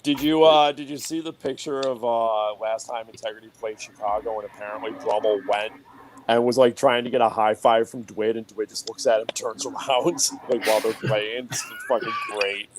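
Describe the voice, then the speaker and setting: A man on a podcast in casual chat, laughing a lot and tossing in quick, profane asides. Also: on the low side, steady tone. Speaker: podcast co-host. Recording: faint background noise.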